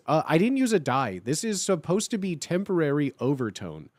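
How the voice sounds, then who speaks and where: A livestreamer in casual chat, reassuring and blunt, who keeps repeating a point to settle viewers. The voice sits at a middling pitch. It sounds dry and close to the mic. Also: big pitch swings, moderate pace, no room sound.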